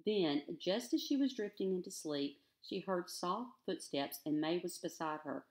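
A woman's voice: on the low side, expressive, measured pace, a little mellow. Woman teacher reading a novel aloud.

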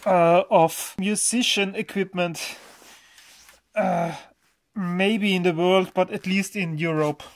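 A man unboxes gear in an easygoing way, often breaking into exclamations of surprise. His pace is slow and unhurried, with a faint hiss of noise under the voice. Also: high voice. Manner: exclamatory, marvels aloud at items. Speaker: electronics video host. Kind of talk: casual unboxing commentary.

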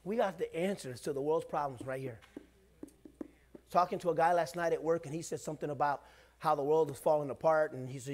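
Middle-aged pastor guy preaching, chatty, gets loud then goes quiet, kinda high voice. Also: fairly quick. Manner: conversational preaching, swings between loud and hushed. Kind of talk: sermon.

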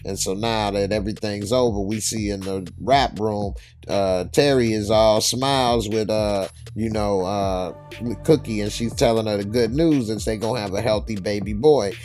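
Brief: low-voiced man, casual TV reviewer, slangy, faint music behind. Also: fairly even intonation, moderate pace, a little mellow. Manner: laid-back, slangy, lots of "uh" fillers. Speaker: TV episode reviewer. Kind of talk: casual recap narration.

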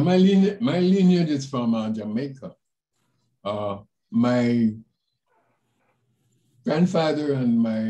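An older man from the Panama Canal Zone, a panelist telling personal stories in an animated way over a video call. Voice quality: animated, jumps in pitch when quoting others. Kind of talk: personal storytelling. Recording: roomy echo.

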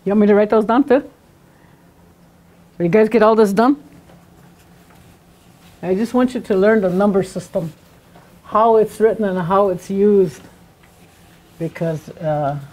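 A middle-aged woman teaching a language class, talking slowly and patiently and repeating words for her students. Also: mid-range voice, a little mellow. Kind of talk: classroom lesson.

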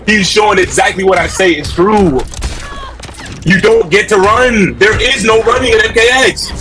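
A man on a headset mic giving loud, heated live commentary on fighting-game matches, shouting often, repeating himself and trash-talking with profanity. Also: sits high, normal speed, slight background noise. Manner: loud, excitable trash-talk with frequent shouting.

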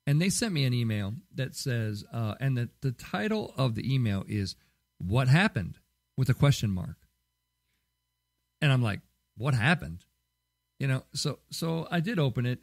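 A man's voice: mid-range voice, very animated, normal speed, gravelly, a little mellow, no echo, studio quality. A man hosting a podcast in casual solo talk, rambling with many fillers and restarts. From Southern California. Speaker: podcast host.

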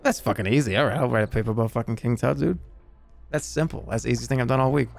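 A man's voice: mid-range voice, quick pace, gravelly, faint music behind, lightly acted. A man voicing a lazy, crude male student in his forties with a Boston accent who swears and brushes things off. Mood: brash. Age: 40s. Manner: brash, swearing, dismissive drawl.

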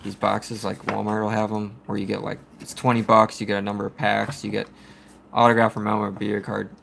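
A man hosting a casual live stream, rambling in a relaxed way with plenty of fillers. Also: lowish voice, a little fast, gravelly, a little hiss or hum.

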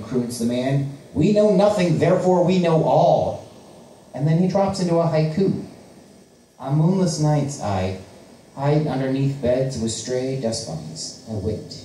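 A man's voice: a little high, lively intonation, a little slow, warm tone, a little hiss or hum. A man performing his spoken-word poetry at an open mic, with a rhythmic, declamatory delivery. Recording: very echoey room, voice from a distance.

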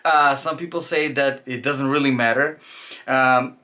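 Chatty man with a bright, sharp voice. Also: medium pitch, steady tone, a little slow. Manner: loose and chatty, with frequent fillers and restarts. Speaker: shooting instructor. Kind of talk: casual instructional talk.

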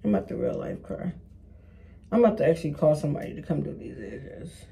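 Woman, mellow voice, casual profane vlog chatter to viewers. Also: low-pitched, lively intonation, fast, gravelly, a little hiss or hum. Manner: frustrated, profane, talking to viewers. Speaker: beauty vlogger. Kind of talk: casual self-filmed hair vlog.

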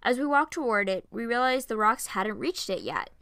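A woman reading a first-person fan story aloud, soft and plain, close on a home mic. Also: a little high, normal speed, clear, resonant tone, no room sound.

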